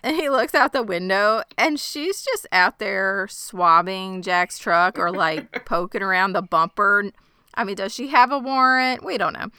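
A young woman co-hosts a casual podcast chat, recapping a game's story and acting out characters' lines with lots of laughter and animation. Her voice is medium in pitch and smooth, in a dry, studio-quality recording.

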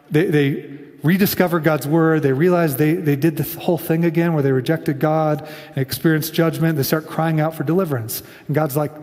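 A man's voice: fairly high pitch, darkish tone, big-room sound. A man preaching a sermon in a casual storytelling way, often slipping into quoted lines. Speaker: pastor.

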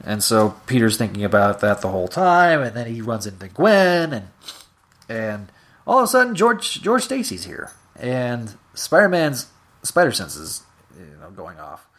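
A man's voice: medium pitch, very animated, measured pace, a bit bright. A podcast host talking on his own, retelling comic issues in a loose, casual way. His speech is full of "uh"s and restarts. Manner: casual, filler-heavy retelling. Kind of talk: solo recap reading comics aloud.

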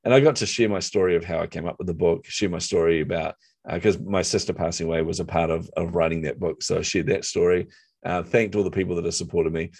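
New Zealand accent, man, middle-aged, very deep voice, lively storyteller, self-deprecating humor. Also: quick pace, no echo, clean studio sound. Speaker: author and marketer, guest. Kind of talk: casual storytelling in conversation.

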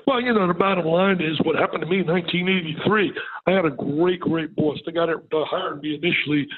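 An older man tells his stories with energy and acts out the quoted voices. His voice is husky and a little high. It comes over a thin, phone-like line. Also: a little fast. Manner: animated, energetic storytelling with quoted dialogue. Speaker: guest, basketball broadcaster. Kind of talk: storytelling interview.

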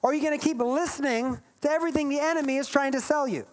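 A woman's voice: high-pitched, fast, darkish tone, slight background noise. Emphatic woman preaching a sermon. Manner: emphatic, playful asides, reads scripture aloud.

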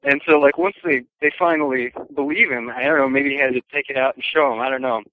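Chatty man telling a story, crisp voice. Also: mid-range voice, fast talker, no room sound, poor audio. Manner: relaxed, chatty, acts out quoted voices, chuckles. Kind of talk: casual podcast storytelling.

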